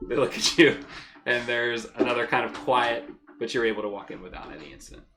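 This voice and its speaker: A man narrating as game master of a tabletop game, relaxed and descriptive with easy fillers. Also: medium pitch, fairly quick, over music.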